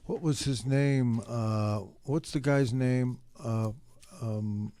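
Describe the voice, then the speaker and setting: Older dude radio host, wry teasing banter, dry mic. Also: male voice, medium pitch, takes it slowly, mellow, no echo. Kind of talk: casual sports talk.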